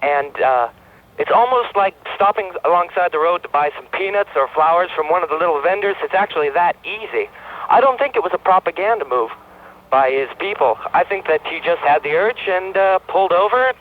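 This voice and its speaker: Guy from california calling into radio, high voice, laid-back, tinny phone line. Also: expressive, brisk. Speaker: caller.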